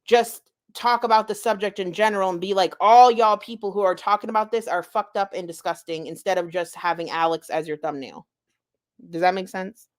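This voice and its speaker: A woman with a mid-range voice speaks on a live commentary panel. She talks quickly, laying out her reasoning point by point. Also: medium pitch. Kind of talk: casual commentary chat.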